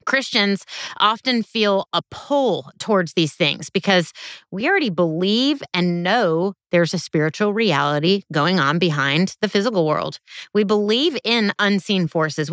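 A woman's voice: mid-range voice, fairly bright tone, no echo, studio quality. A woman hosting a podcast as a biblical counselor, speaking in a direct, emphatic, teacherly monologue.

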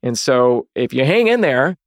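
A man's voice: medium pitch, sing-song, unhurried, no echo, clean studio sound. A man telling a personal story in a casual, conversational way, acting out the dialogue, as a Christian dating speaker.

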